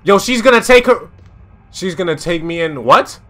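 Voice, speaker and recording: A young man giving loud, slangy, exasperated commentary while playing a school simulator game. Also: high-pitched, expressive, normal speed. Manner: slangy, repeats phrases. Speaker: gaming YouTuber. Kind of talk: casual let's-play commentary.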